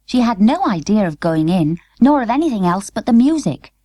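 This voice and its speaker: A woman narrating an unabridged children's book in clear, measured storytelling. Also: mid-range voice, sing-song, warm tone, no echo. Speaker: audiobook narrator. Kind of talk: scripted narration.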